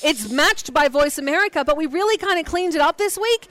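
A woman's voice: high voice, expressive, brisk, fairly bright tone. An Australian woman co-hosting a casual talk show, teasing and laughing often. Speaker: podcast co-host. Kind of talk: casual chat.

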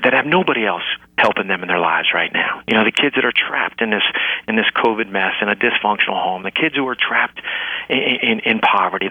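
A man's voice: on the low side, husky, no echo, highs cut off. A middle-aged man, a guest educator and author, speaking earnestly in an interview, repeating words and building to emphatic peaks. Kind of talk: heartfelt podcast interview.

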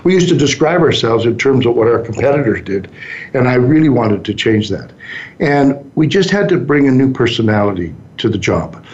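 A man's voice: mid-range voice, expressive, moderate pace, a little mellow. Guy in his 60s spinning easygoing business stories in an interview, dull muffled audio. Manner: anecdotal, easygoing, acts out quoted lines. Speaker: business owner guest. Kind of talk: storytelling interview answers.

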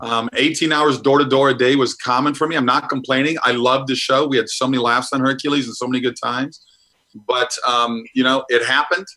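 Bright-voiced man from Minnesota. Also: mid-range voice, fairly even intonation, a little fast, low-quality recording. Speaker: guest actor. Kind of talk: casual interview chat.

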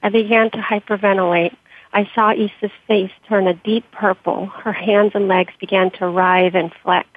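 A woman with a husky voice reading her own memoir in a measured, quiet way, then answering interview questions, heard over a dry, tinny phone-like line. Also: medium pitch, fairly even intonation, dry recording. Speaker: author and interview guest.

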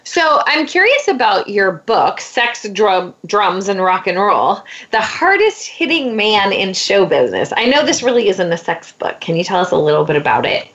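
A woman's voice: mid-range voice, sing-song, normal speed, hardly any pauses, a bit bright. A woman hosting an interview, asking questions in a chatty, enthusiastic way. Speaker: interviewer, host. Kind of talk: casual interview. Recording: dull lo-fi sound.

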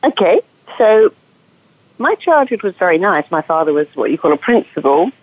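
A woman's voice: on the low side, very animated, normal speed, phone-quality sound. A woman with an English accent, a guest therapist telling her story in an enthusiastic, chatty way. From England. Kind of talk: podcast interview.

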